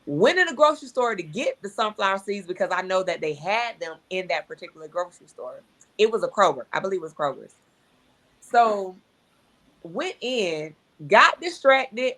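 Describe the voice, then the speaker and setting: A middle-aged woman telling a personal testimony in an animated way, acting out dialogue and repeating herself. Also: mid-range voice, moderate pace. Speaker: speaker sharing a testimony.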